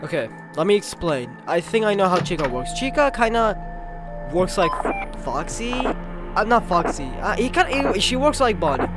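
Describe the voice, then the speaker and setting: A jumpy horror gamer whose pitch swings wildly while they stammer and swear through the game. Game music plays clearly underneath. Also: very animated, moderate pace. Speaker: gameplay streamer.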